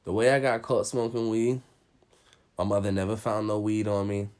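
A man's voice: fairly low pitch, steady tone, normal speed, a little mellow. Loose, slangy young man in casual chat.

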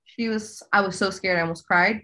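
A woman, a guest on a podcast, telling family stories in a relaxed, casual way with fillers. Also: medium pitch, a little fast, slight background noise. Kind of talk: casual storytelling.

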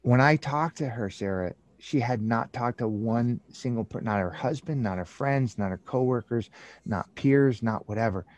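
A man's voice: medium pitch, moderate pace. A man talking about his book in a conversation, acting out little scenes with lots of restarts and fillers. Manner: animated storyteller acting out scenes with many restarts. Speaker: author and guest. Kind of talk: casual interview talk.

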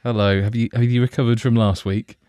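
Teasing podcast host, dry sound. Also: male voice, mid-range voice, little pitch movement, fairly quick, warm tone, clear, resonant tone, no room sound. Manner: teasing, jokey banter. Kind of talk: casual podcast hosting.

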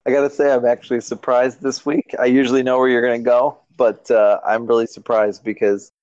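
A male podcast co-host talks casually, dropping wry, deadpan remarks. His voice sounds dull and close on a dry, lo-fi mic. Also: mid-range voice, brisk, no room sound. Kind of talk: casual chat.

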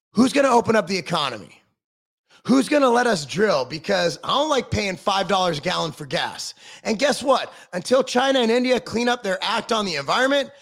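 A middle-aged man rants with sarcasm and constant swearing. His voice sits high and gravelly and swoops up and down as he vents. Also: a bit bright. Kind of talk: profane political rant.

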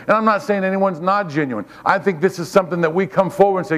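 A man's voice: sits high, fast talker, hardly any pauses, a bit bright, in a large hall. A man giving a sermon as a guest preacher, fervent and repetitive, calling on the congregation to respond. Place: church.

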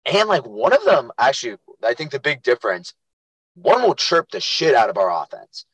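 A young man co-hosting a casual podcast, an animated storyteller who acts out the quotes in his anecdotes. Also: medium pitch, normal speed, husky, dry recording, rough recording. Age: young adult. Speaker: podcast co-host and youth lacrosse coach. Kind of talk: casual chat.

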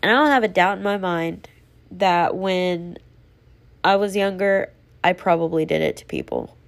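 Gravelly-voiced woman hosting a solo podcast. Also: lowish voice, sing-song, moderate pace. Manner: rambling, earnest, self-reflective. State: running out of breath. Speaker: podcast host. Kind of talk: solo casual podcast monologue.

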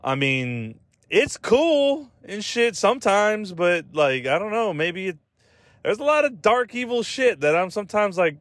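A man's voice: sits high, expressive, normal speed, a bit bright, no room sound, studio quality. A man hosting a podcast in a casual, rambling chat, swearing freely, leaning on "like" and "dude" and laughing at his own jokes. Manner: loose and profane, heavy on "like" and "dude", trailing restarts. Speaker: podcast host.

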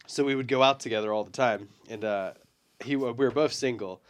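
A man in casual podcast chat, telling a story in a relaxed, easy way. Faint clicking noises can be heard behind his voice. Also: mid-range voice, fairly quick, slight background noise. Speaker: podcast co-host.

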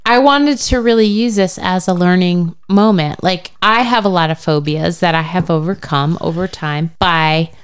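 A woman's voice: lowish voice, moderate pace, few pauses, clean tone. An American woman co-hosting a casual chat, telling stories with lots of swearing. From United States. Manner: animated, profane storyteller. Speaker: podcast co-host.

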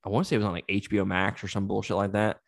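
A man's voice: on the low side, very fast, vocal fry, dry recording, clean studio sound. A man co-hosting a casual movie review podcast, swearing freely and laughing often. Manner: profane, animated, laughs often. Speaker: podcast co-host.

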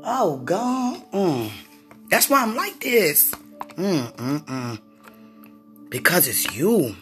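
A woman speaking intimately and effusively to her husband, sighing and exclaiming often, swinging between high excitement and low murmurs. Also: takes it slowly, faint music behind. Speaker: wife talking to her husband. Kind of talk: intimate casual talk to a partner.

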